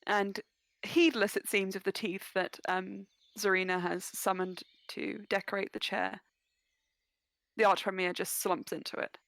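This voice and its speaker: A woman narrating as game master of a tabletop game, playful and quick to laugh. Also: mid-range voice, fairly even intonation, a bit bright, dry recording.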